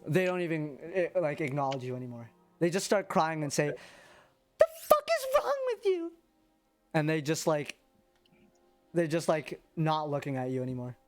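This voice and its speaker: A man narrating as game master of a tabletop game, talking casually and haltingly, with many fillers. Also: a little high, soft background music.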